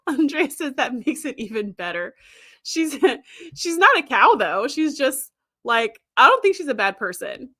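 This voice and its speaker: Bright, chatty woman host. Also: high voice. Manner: chatty, laughs often, acts out quoted lines. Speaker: host reading live chat. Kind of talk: casual livestream chat.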